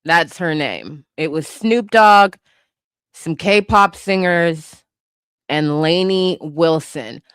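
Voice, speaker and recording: A woman hosting comedic pop-culture commentary, animated and incredulous, swearing freely and breaking into laughter. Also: on the low side, drawn-out words, smooth, no echo, studio quality. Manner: animated, incredulous, bursts of laughter, profane asides. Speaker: host.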